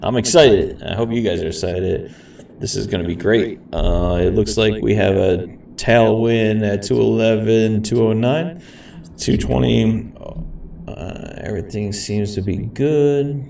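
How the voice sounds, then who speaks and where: This city-raised flight sim streamer has a deep, gravelly voice that's mellow and a little slow. Laid-back and rambling, he offers casual gameplay commentary peppered with "man" and "guys," recorded in an echoey room on a distant mic with faint hiss.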